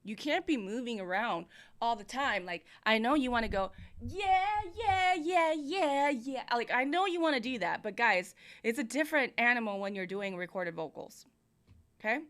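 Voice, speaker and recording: Slightly fast and animated, this woman's fairly bright, higher-pitched voice leads a music review livestream. Into a studio mic that shifts near and far, she offers relaxed explanations about singing and microphone technique.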